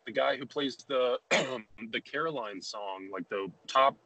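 A man's voice: medium pitch, unhurried, vocal fry, bright, forceful tone, low-quality recording. Rambling casual male podcast host. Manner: rambling, many restarts and fillers. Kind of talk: casual conversation.

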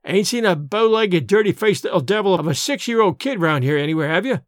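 A man's voice: sits high, animated, brisk, no room sound, studio quality. A man voicing a pompous, henpecked older major who blusters and wheedles. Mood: blustering.

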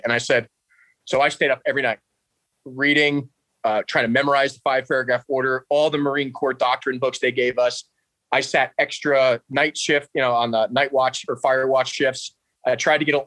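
A young man, telling a story with laughs and shouted quotes of his drill instructors. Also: medium pitch, no echo, low-quality recording. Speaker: interview guest. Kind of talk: casual storytelling.

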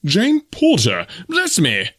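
A man voicing a near-sighted, fussy, easily frightened elderly gentleman with shrill formal exclamations. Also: wildly swooping pitch, slow pace, slightly rough, exaggerated voice. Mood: flustered.

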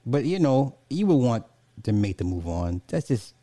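A male live streamer talks loosely to his viewers, reading comments and launching into animated rants. He laughs often and swears without a second thought. His voice is warm and mellow, and it sounds dry and close. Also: medium pitch, normal speed, dry recording.

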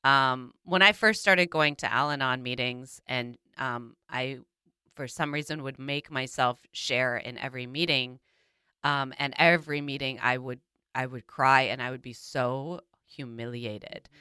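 Woman host, low voice, smooth and clear, dry close sound, candid reflective talk. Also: sharp tone, no echo. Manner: open, self-reflective, with halting restarts. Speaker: podcast host. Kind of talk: candid personal conversation.

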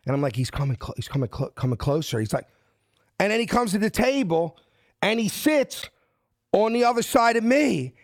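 A man tells a story from his youth in an animated, street-smart way. He slips into different voices for each person he quotes. His voice sits a little high, and the sound is close and dry. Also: moderate pace, no room sound. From South Philadelphia. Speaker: guest. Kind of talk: casual storytelling.

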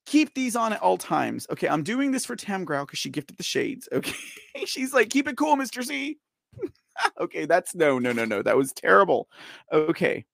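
This man hosts a live online news show, exasperatedly ranting to viewers, reading their chat, laughing and repeating himself. He talks at a moderate pace in a sing-song, gravelly voice on the high side, a bit bright, recorded cleanly in a studio with no echo.

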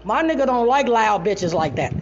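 A woman tells a story in a loud, profane, animated rant, her voice high and gravelly. The sound is dull and lo-fi. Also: moderate pace, noisy background. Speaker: storyteller vlogger.

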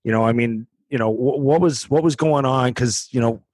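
A man hosts a relaxed sports podcast and asks loose, rambling questions. His voice is mid-pitched. The sound is dry and close. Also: moderate pace, dry recording. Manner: rambling questions full of fillers. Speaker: podcast host. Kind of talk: casual interview.

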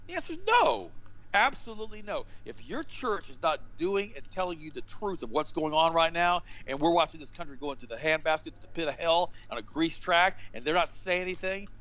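A man with a slightly higher-than-usual voice talks as a guest on a show. His delivery is fiery and emphatic, rising like a preacher's, and he keeps circling back with rhetorical questions. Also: a bit bright, poor audio. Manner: repeats himself and asks rhetorical questions. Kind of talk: impassioned interview talk.

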